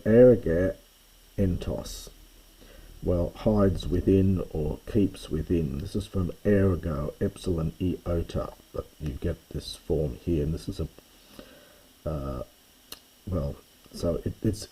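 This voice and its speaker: A man's voice: deep voice, takes it slowly, warm tone, husky, low-quality recording. A man teaching a close reading of an ancient text, thinking aloud with hesitations and self-corrections. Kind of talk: unscripted close-reading lesson.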